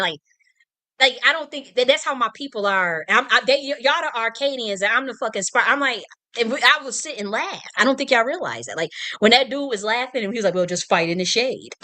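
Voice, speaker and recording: A woman's voice: medium pitch, bright, forceful tone. A woman hosting a livestream, delivering a heated, profane political rant full of restarts and repetition. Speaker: livestream host. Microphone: streaming mic.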